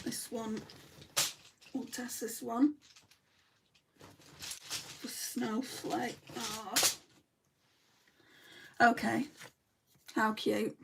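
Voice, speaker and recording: A woman's voice: on the high side, level tone, drawn-out words, gravelly, pauses often, heavy background noise. A woman from Lancashire with a Lancashire accent, chatting bluntly while doing her makeup and answering viewer comments. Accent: Lancashire English. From Lancashire, England. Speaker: beauty vlogger. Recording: voice a little distant from the mic.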